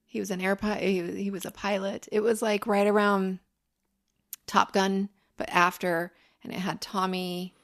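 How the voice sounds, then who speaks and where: A woman's voice: mid-range voice, flat delivery, unhurried. A woman co-hosting a podcast in casual chat, asking skeptical questions and telling offhand anecdotes. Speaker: podcast co-host.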